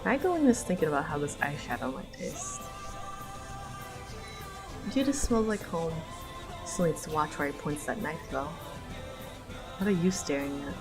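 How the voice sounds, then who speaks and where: A young woman livestreaming a read-along of her own comic, just woken up, reading slowly and often breaking into giggles. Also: sits low, sing-song, over music, poor audio. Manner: giggly, trailing off into laughter. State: just woke up.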